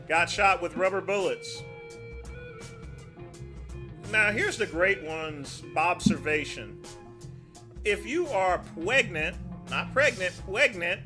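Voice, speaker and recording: This livestream host is a middle-aged man whose voice is high-pitched and sharp. Keeping things casual, he wanders from topic to topic with folksy charm, addressing his audience as "folks."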